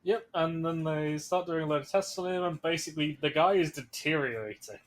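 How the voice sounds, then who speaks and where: A man's voice: on the high side, brisk. A man co-hosting a podcast in casual chat, swearing freely and breaking into giggles. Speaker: podcast co-host.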